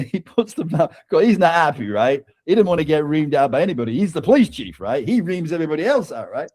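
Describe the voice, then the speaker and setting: A man's voice: on the high side, very animated, fast talker, a little mellow, no room sound. A man guest telling a personal story in casual conversation, often tagging sentences with "right?" and laughing between lines. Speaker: author guest.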